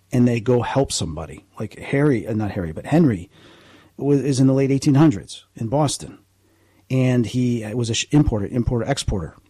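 A man's voice: mid-range voice, warm tone, breathy edge, no echo. A man who investigates the paranormal, a guest on a radio interview, explaining at length in an earnest, rambling way with frequent restarts.

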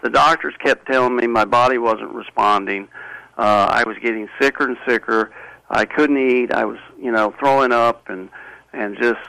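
A man being interviewed, telling a personal story in a halting, earnest way with many restarts. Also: mid-range voice, fairly even intonation, vocal fry, bright, forceful tone, no echo, rough recording. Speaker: interview guest.

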